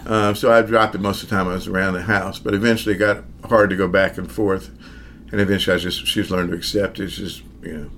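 An older man with a Southern drawl and a lowish voice talks easily about his work as a magician, often chuckling as he trails off and restarts. Faint ambience hums behind him. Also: fairly even intonation, fast talker, a bit bright, slight background noise. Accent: Southern American. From American South. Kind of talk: casual interview.

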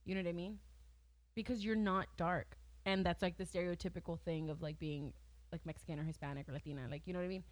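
A woman's voice: on the low side, steady tone, quick pace. A young woman in her twenties chatting casually as a podcast co-host, telling stories with lots of filler words and easy laughter. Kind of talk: casual chat.

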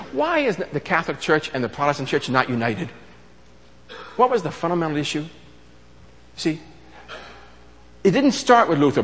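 A man's voice: fairly high pitch, long reverb tail. A man preaching a sermon in a conversational teaching style, asking rhetorical questions and restarting phrases.

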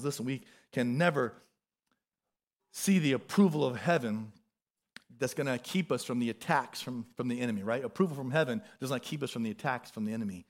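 A man preaching a sermon, a parent, with animated delivery, repeated refrains and acted-out quotes. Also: on the high side, vocal fry. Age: adult, a parent. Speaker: pastor.

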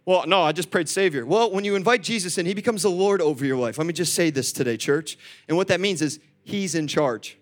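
A young man preaching a sermon, animated, swinging between loud calls and soft asides and talking straight to the congregation. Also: on the high side, fairly quick, few pauses. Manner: acts out quoted voices, chats with the congregation. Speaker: pastor.

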